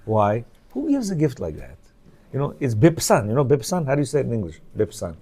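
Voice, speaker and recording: A man's voice: mid-range voice, huge pitch swings, fairly quick, warm tone, breathy edge. A man reads from a book to a men's class and explains it in a chatty way, often asking his listeners if they follow. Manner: conversational, repeats questions to the listeners. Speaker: Torah class teacher.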